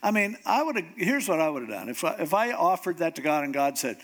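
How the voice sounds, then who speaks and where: A man's voice: a little high, quick pace, few pauses. A middle-aged man preaching a humorous sermon, telling stories and acting out the voices of the people he quotes. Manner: animated storytelling, acts out quoted voices. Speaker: pastor.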